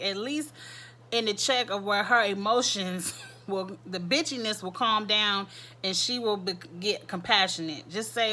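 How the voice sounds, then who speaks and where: A woman's voice: mid-range voice, unhurried, bright, forceful tone. A woman hosting a casual recap of a reality show, chatty and repeating her points for emphasis. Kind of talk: casual commentary.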